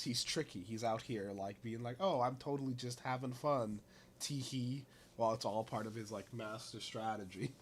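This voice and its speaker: A man's voice: on the low side, slight background noise. A man hosting a casual podcast chat while still getting his voice back after losing it, rambling with many restarts. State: recovering from lost voice. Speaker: podcast host.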